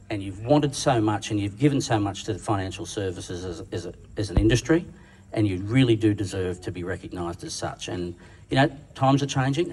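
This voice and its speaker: A man's voice: on the low side, a little mellow. An Australian man giving a comic roast speech at a dinner, teasing and slangy in an irreverent way. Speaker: roast speaker. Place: dinner function room. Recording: distant mic with background noise.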